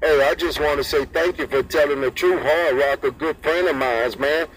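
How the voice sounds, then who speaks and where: A man's voice: fairly high pitch, moderate pace, fairly bright tone, slight background noise, rough recording. Man chanting CB call signs. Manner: sing-song, repeating call signs. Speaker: CB radio operator. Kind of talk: CB radio chatter. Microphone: CB radio handset.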